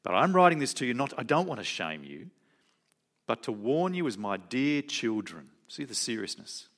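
A man's voice: mid-range voice, sing-song, moderate pace, a bit bright. Male preacher, conversational sermon, questions the congregation.

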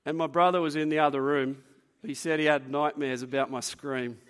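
A young man preaching to a youth group, telling stories in a lively way and acting out what people said. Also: a little high, moderate pace, clear, resonant tone. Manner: animated storyteller, acts out quotes. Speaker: youth pastor. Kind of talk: youth sermon with storytelling. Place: room with a live audience.

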